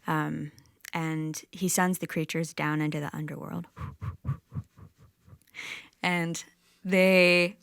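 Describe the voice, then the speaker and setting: Slow, low-voiced woman telling a myth. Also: flat delivery, vocal fry, a bit bright, clear, resonant tone, dry recording, clean studio sound. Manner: casual retelling of a myth with fillers. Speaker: singer-songwriter. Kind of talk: spoken storytelling between songs. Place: music session recording on a campus.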